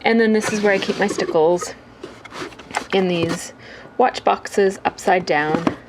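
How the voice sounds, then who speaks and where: A woman's voice: mid-range voice, slow pace, background noise. A woman giving a casual tour of her home craft room, chatty and rambling with lots of fillers. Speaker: crafting vlogger.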